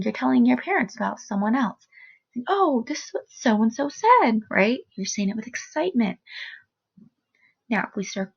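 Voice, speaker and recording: A woman teaching a first grade phonics lesson on video, speaking slowly and clearly in an encouraging teacher voice. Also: a little high. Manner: slow, clear, encouraging teacher talk with modeled expression. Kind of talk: recorded phonics lesson for children. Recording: dull, lo-fi sound.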